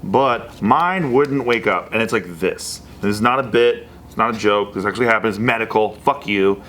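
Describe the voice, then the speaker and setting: A man's voice: on the low side, normal speed, a little hiss or hum. A man in his thirties, a podcast co-host telling a long personal story in casual chat, swearing freely and acting out the voices of the people in it. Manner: profane, animated storyteller acting out quotes.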